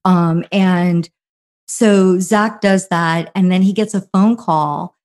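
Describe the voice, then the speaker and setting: A middle-aged woman from New Jersey telling a long story as a guest, animated and full of fillers, acting out other people's quotes. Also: fairly low pitch, slow. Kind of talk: casual anecdotal storytelling.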